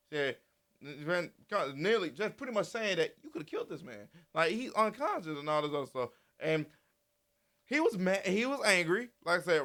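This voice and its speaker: A man giving casual, animated commentary, repeating himself and swearing freely. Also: fairly high pitch. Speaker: commentary channel host.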